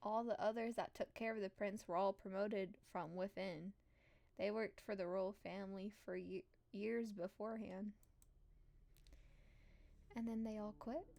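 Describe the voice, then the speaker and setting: A woman's voice: mid-range voice, steady tone, measured pace, gravelly, darkish tone. A woman voicing a gossipy young female palace servant with a put-on country accent, in a chatty, confiding way. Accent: put-on American country.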